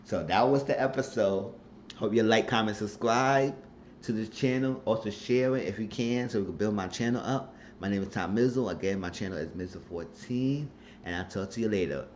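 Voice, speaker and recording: Brief: man host, lower voice, lively slangy recapper, dull lo-fi sound with faint hiss. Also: normal speed. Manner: animated storytelling, slangy, acts out quotes. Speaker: YouTube show recapper. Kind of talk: casual episode recap.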